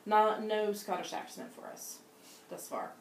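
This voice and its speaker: A woman's voice: medium pitch, a little slow. A middle-aged woman co-hosting a casual knitting podcast with her daughter, chatting in a rambling way with many fillers and restarts. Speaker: podcast co-host, mother. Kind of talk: casual chat. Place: home in Scotland. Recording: roomy echo, faint noise.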